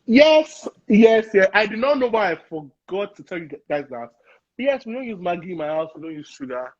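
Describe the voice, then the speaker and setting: A man's voice: high voice, big pitch swings, brisk, dull audio. A man, a chef guest chatting playfully in an interview, laughing often and slipping into Pidgin. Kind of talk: casual interview chat.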